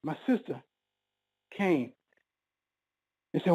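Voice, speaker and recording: A man telling an emotional personal story, halting and repeating words, his voice rising as he relives a moment of panic. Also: high-pitched, animated, darkish tone, no echo, low-quality recording.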